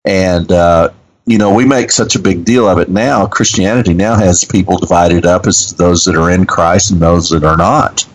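A man teaching on scripture in an earnest, measured way, pausing often with fillers. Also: low-pitched, rough recording. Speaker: Bible teacher. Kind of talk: radio Bible Q&A talk.

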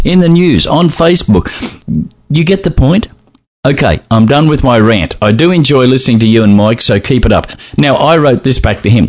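A man hosting a podcast in casual chat, animated and often laughing as he reads messages aloud. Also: medium pitch. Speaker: podcast host.

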